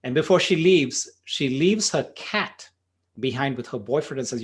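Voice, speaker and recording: A man leads a workshop on meditation in a plain, mid-pitched voice. He talks casually, sprinkling in "you know" as he explains his points and tells stories, and his pace shifts between rushed stretches and slower emphasis. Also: animated. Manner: conversational, frequent "you know", spurts of speed. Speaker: meditation teacher. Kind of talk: workshop talk with storytelling.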